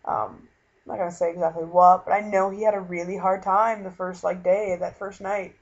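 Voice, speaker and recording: A young man from Minnesota talking earnestly in a casual vlog, halting and full of fillers as he retells a conversation. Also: high-pitched, flat delivery. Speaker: vlogger. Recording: dull lo-fi webcam recording.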